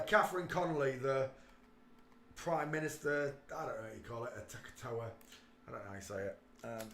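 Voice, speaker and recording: Emphatic man with a bright voice, echoey room. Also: medium pitch, slight background noise. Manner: emphatic, swings from mutters to loud outbursts. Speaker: livestream host. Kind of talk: casual livestream commentary.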